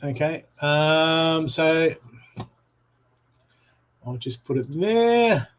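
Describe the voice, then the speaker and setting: A middle-aged man chats loosely to his live-stream audience from a room at home. His voice sits fairly high for a man, and his talk wanders, full of asides to viewers. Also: expressive, extremely slow, clear, resonant tone, poor audio. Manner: chatty and rambling, laughing and talking to viewers. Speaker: psychic reader hosting a live stream. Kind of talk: casual live-stream chat.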